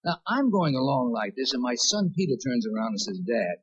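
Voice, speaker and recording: A man's voice: medium pitch, big pitch swings, fairly quick, husky, dull audio. A man as guest of honor at a comedy roast, telling wry self-mocking jokes in a vintage television broadcast recording. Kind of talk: stand-up roast speech.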